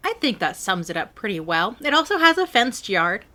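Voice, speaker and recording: A woman dungeon master hosts a tabletop game with a playful, quick delivery. Her voice is bright and sparkling, and her pitch swings widely as she sets scenes. She sounds relaxed and teasing with her player.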